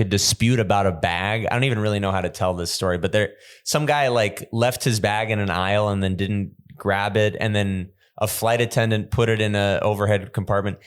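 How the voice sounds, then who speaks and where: A young adult man, a stand-up comedian hosting a podcast, telling stories in a rambling, animated way with lots of restarts. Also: lowish voice, clean tone. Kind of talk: casual comedic chat.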